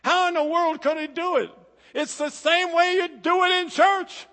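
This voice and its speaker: Brief: male preacher, high voice, dramatic rhythmic sermon, long hall echo. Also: fairly even intonation, moderate pace. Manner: dramatic, rhythmic delivery swinging from loud to hushed. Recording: echoey hall.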